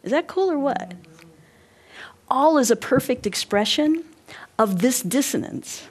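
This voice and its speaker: A woman presenting a live workshop, animated, guiding listeners through movements and often checking in with them. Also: high voice, unhurried, slightly rough. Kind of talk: live interactive workshop talk.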